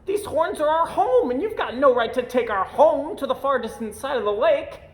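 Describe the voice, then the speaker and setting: A man voicing a rude, selfish crowd of animal guests who talk shrill and bossy. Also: lively intonation, normal speed. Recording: echoey room.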